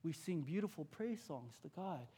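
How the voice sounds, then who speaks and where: At normal speed and with an animated, fairly high voice that has a breathy edge, a Californian pastor preaches conversationally. He asks the crowd questions and hushes for the key points.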